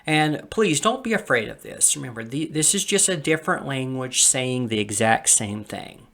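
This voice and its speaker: A man's voice: mid-range voice, expressive, normal speed, fairly bright tone. A man hosting a podcast, teaching a Bible passage step by step over a screen share in an explanatory, reassuring way.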